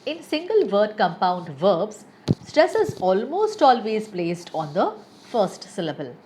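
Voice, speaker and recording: A woman's voice: mid-range voice, very animated, a little slow, noisy background. A woman teaching English pronunciation, reading word lists one by one with careful stress. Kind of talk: scripted pronunciation lesson.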